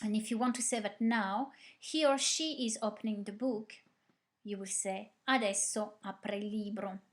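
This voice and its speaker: A female language teacher with a mid-range voice calmly recites verb conjugations at normal speed, explaining grammar in a slow, clear drill. She patiently repeats exercises, asks the class questions, and praises them.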